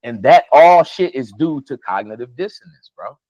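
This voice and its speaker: A man's voice: medium pitch, lively intonation, moderate pace, dry recording, highs cut off. A man co-hosting a heated casual conversation, talking emphatically, swearing and laughing often. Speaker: podcast co-host.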